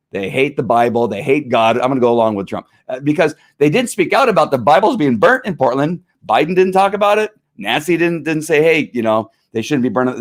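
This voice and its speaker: A middle-aged man hosting a casual solo livestream, rambling and opinionated, with frequent laughs and fillers. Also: medium pitch. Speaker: host.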